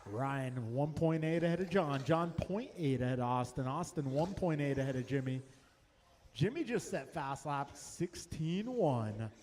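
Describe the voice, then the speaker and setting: Race announcer, male, fairly high voice, brisk calls of lap times, echoing venue with faint hum. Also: expressive, a little mellow. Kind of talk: race commentary.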